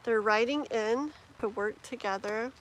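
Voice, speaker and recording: A woman's voice: fairly high pitch, measured pace, slight background noise, poor audio. A woman giving tarot readings on a live stream, chatty and rambling with many fillers and restarts. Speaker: tarot reader.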